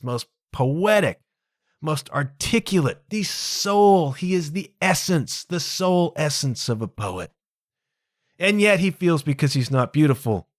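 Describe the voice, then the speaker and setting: Animated man retelling a story. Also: fairly high pitch, dry recording, studio quality. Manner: animated, emphatic storytelling with casual slang. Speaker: podcast host. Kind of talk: casual solo monologue retelling a play.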